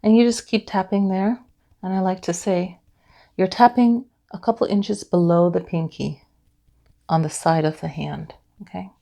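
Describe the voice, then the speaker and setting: A woman leading a guided tapping class, explaining gently and then repeating soft affirmations for listeners to follow. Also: lowish voice, steady tone, normal speed, creaky. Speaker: EFT tapping instructor.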